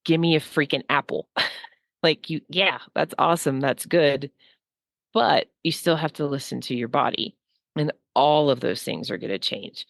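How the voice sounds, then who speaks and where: A woman's voice: low voice, measured pace, vocal fry, dry recording. A woman speaking as a psychic guest, rambling and heartfelt, with frequent "like" fillers. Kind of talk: casual spiritual talk.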